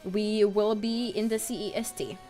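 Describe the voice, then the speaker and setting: A woman in her twenties streaming live, chatting casually, excitable and a bit nervous as she greets her viewers. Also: medium pitch, moderate pace, faint music behind. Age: 20s. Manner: excitable, gushing greetings to chat; nervous, self-conscious chatter.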